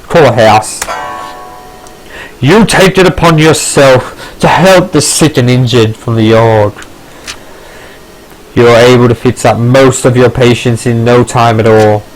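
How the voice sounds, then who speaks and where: A man's voice: mid-range voice, steady tone, measured pace, pauses often, soft background music, poor audio. A man playing a text game, reading the story aloud with casual asides. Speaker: gamer. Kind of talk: casual let's play narration.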